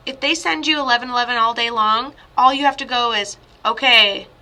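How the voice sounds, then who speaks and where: Bright-voiced chatty woman medium. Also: fairly high pitch, fast. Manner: chatty, rambling, soothing reassurance. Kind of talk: live-streamed reading.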